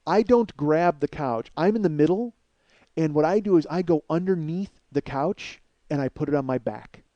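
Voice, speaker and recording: Male podcast host, higher voice, dry recording, profane comic storyteller. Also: normal speed, no echo, highs cut off. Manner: profane, animated storyteller addressing listeners as folks. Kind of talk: comedic storytelling monologue.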